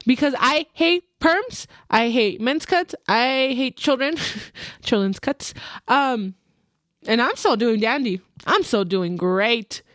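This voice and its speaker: A young woman hosting a podcast, chatting casually about her work as a hairstylist, animated and mixing in Spanish phrases. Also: fairly high pitch, slow, dry recording, studio quality. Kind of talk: casual chat.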